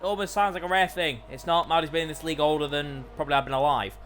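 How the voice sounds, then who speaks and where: A man commentating live on an online racing league, excitable, his voice climbing whenever an overtake happens. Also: a little high, fast talker, a little hiss or hum.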